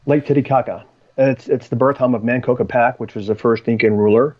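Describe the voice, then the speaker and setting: A man's voice: mid-range voice, fairly even intonation, brisk. A man, a podcast guest, telling personal stories in a rambling way with frequent ums and restarts. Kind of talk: storytelling in conversation. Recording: slightly dull lo-fi audio.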